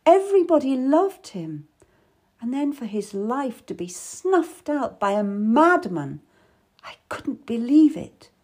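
A woman's voice: high-pitched, big pitch swings, slow, darkish tone, voice pushed up, heavily acted. A woman voicing a worldly, tough middle-aged lady courtier who speaks wistfully and with sudden bitterness, for an audiobook. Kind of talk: audiobook character voice.

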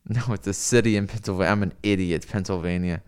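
A man's voice: low voice, fairly even intonation, fast talker, smooth. A young man from the US West Coast, chatting casually and profanely with his stream viewers, rambling with lots of fillers.

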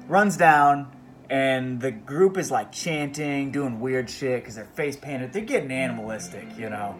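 A man's voice: medium pitch, measured pace, over music. A man hosting a podcast, giving a profane, rambling, comedic book report. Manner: profane, rambling, animated retelling. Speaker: podcast host.

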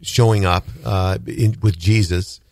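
A male radio host with a somewhat low voice tells a story in an easy, conversational way. He is recorded close and dry, with no room echo. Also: fairly even intonation, unhurried. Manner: warmly encouraging, brief affirmations. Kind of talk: casual radio interview.

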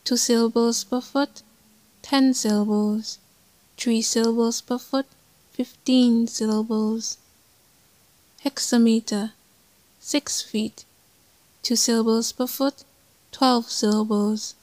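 A woman reads a scripted poetry lesson slowly and deliberately, her pitch sitting a little high but barely moving. The recording is dry and close, with no room sound. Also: no room sound, rough recording. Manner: measured, deliberate, even delivery. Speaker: poetry teacher. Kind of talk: slow scripted lesson narration.

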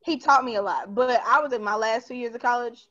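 Female podcast co-host, chatty storyteller, slightly high pitch, muffled recording. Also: fairly quick, sharp tone. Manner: loose storytelling, laughing often. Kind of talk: casual chat among friends. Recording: dull lo-fi sound.

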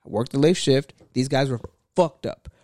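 A man telling stories in casual chat, animated and profane, often restarting his sentences. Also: mid-range voice, moderate pace, no room sound, studio quality.

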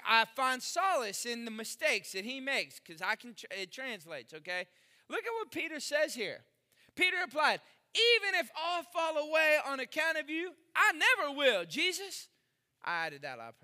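A middle-aged male pastor preaching a sermon, animated and acting out the voices of the people in the story he reads. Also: very high voice.

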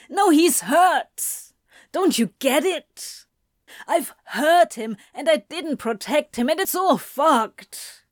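A woman reading aloud and voicing a worn-out, anguished male demon who curses and speaks louder and rawer than her narration. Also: a little high, no echo, clean studio sound. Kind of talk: audiobook reading of fan fiction.

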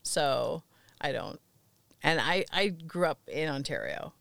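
French-woman guest, gravelly voice, dry close sound, teasing, laughs a lot. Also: low voice, very animated, takes it slowly, a bit bright, no room sound. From Canada, New Brunswick. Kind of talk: casual chat.

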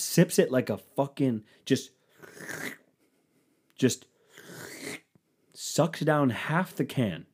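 A man telling a crude, animated comic story about laying a floor, acting out his friends' lines in low mumbles. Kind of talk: profane comedic storytelling.

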